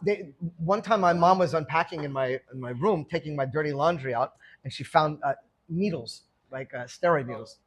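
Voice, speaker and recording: A middle-aged man telling stories from his own past in a casual, animated way, often laughing as he talks. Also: a little high, moderate pace. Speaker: guest speaker telling his life story. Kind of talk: casual storytelling talk.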